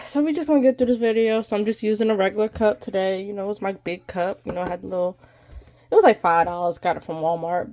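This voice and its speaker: A woman's voice: medium pitch, darkish tone. A woman vlogger with a congested, stuffy voice, chatting casually and rambling as she goes over her budget. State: congested from allergies. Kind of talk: casual chat to camera.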